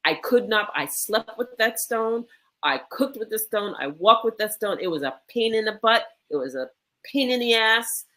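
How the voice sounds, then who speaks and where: A woman who is a medicine woman, telling an animated, emphatic story in a conversation. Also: mid-range voice, moderate pace.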